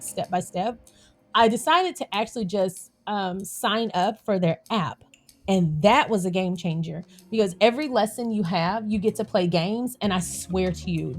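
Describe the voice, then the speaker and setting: A woman with a Southern country accent, hosting a casual vlog in a chatty, animated way, with soft music playing behind her. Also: mid-range voice. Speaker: YouTube channel host.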